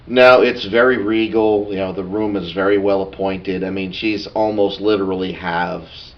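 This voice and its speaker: Rambling low-voiced man recapping a game. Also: fairly even intonation, moderate pace. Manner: rambling, full of asides. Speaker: podcast co-host. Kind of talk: casual recap of a tabletop game. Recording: dull lo-fi sound.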